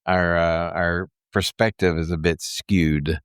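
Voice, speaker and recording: A nasal man with a Mid-Atlantic accent and a twangy Texas edge, whose voice has gone quieter since his surgery. He speaks low and easy in casual podcast talk, laughing now and then. The sound is close and dry, with no room around it. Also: little pitch movement, clear, resonant tone, dry recording. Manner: laughs often, unhurried and reflective. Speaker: podcast host. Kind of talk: casual chat.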